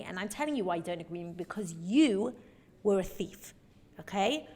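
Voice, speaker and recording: A woman's voice: medium pitch, lively intonation, normal speed, darkish tone. A woman teaching a Torah lecture in an earnest, emphatic way, often checking in with her listeners. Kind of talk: recorded lecture.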